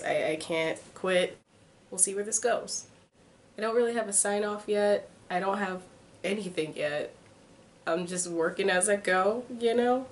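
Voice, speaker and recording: A nervous young woman introducing her first vlog in a casual chat to camera, excitable and self-mocking, with sudden squeaky jumps in her voice. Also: a little hiss or hum. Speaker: vlogger.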